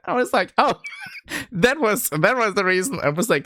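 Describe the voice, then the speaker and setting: A man speaks slowly with frequent pauses, his voice fairly high, slightly lispy and German-accented. Chatting casually on a livestream, he's animated, giggles a lot and uses "like" constantly. The recording, from a streaming mic, is dry and studio quality.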